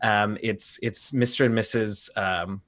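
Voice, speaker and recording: A man's voice: fairly low pitch, fairly even intonation, unhurried, a bit bright. Rambling, hesitant male player. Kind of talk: casual tabletop role-play chat.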